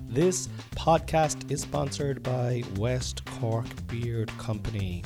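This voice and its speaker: A middle-aged Irish man hosting a podcast from home while sick, coughing now and then, rambling and swearing, with sudden loud bursts. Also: mid-range voice, lively intonation, slow pace, hardly any pauses, music in the background. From Ireland. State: sick with covid, congested and coughing. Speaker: podcast host. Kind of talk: casual solo podcast monologue.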